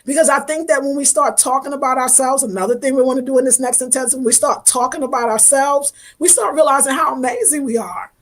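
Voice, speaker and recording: A high-sitting female voice moves quickly with few pauses as she hosts a casual livestream. Reading comments, she thanks viewers by name in an affectionate, effusive way, occasionally wavering emotionally.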